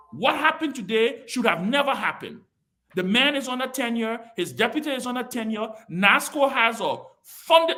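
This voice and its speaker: A man's voice: very high-pitched, fairly bright tone. A man chairing a political talk show over a video call, emphatic and scolding, repeating himself for stress.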